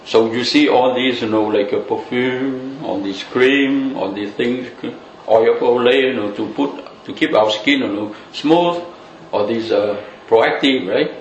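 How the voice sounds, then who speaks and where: A man's voice: mid-range voice, a little slow, highs cut off. Brief: male Buddhist teacher, casual talky delivery, echoey room. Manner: loose, conversational, many "you know" fillers. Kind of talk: dharma talk. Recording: echoey room with faint noise.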